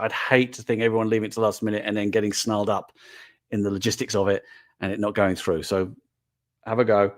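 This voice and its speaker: An older man, talking casually and earnestly to viewers on a live stream as a toy brand manager, with frequent fillers and restarts. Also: lowish voice.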